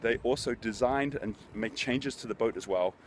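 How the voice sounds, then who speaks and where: This host of a motivational business talk, a middle-aged man, speaks at a moderate pace in a mid-range voice. He recounts stories earnestly and conversationally, and there is slight background noise.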